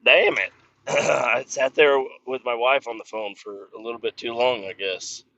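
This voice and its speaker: Exasperated, cursing man, podcast host talking alone while driving; forceful tone, muffled lo-fi in-car sound. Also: medium pitch, steady tone, a little slow, no echo. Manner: profane, exasperated griping. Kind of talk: casual solo rant.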